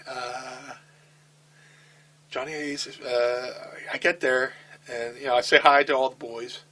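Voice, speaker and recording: A middle-aged man telling a backstage story in a casual interview, animated and swearing, with halting restarts. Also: medium pitch, rough recording. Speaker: interview guest, wrestler.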